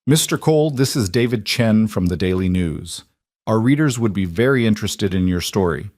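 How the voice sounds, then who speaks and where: A man voicing a pushy male newspaper reporter with a smooth, persuasive phone pitch. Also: expressive, normal speed, a little mellow, no echo, studio quality.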